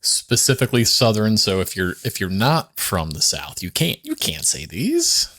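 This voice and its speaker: A man co-hosting a casual podcast, telling stories in a chatty way and laughing often. His voice sits slightly low. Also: wildly swooping pitch, normal speed, fairly bright tone. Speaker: podcast co-host.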